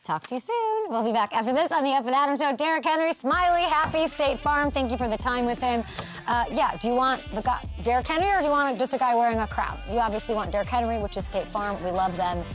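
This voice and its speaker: A woman's voice: on the high side, fast, soft background music. A woman in her thirties hosting a sports talk show, bubbly and chatty, laughing often as she interviews a guest. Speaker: host.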